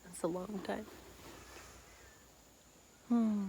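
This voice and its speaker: A young woman talking casually to her camera in a video diary, often dropping to a whisper and saying "like" a lot. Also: medium pitch. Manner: soft-spoken, often whispering, many "like" fillers. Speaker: vlogger. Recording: clear outdoor insect noise.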